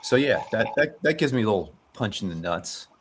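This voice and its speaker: A man's voice: fairly low pitch, lively intonation, brisk, a little hiss or hum. A man in his thirties hosting a dads' podcast, rambling and reflective in casual chat. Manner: rambling, many fillers and restarts, reflective. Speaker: podcast host.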